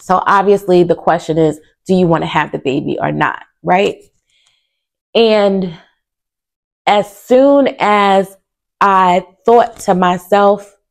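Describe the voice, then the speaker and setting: A woman's voice: medium pitch, gravelly. A young woman vlogger telling a personal story to camera in a casual, earnest way, full of fillers and, at times, close to tears. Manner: earnest and candid, with many fillers.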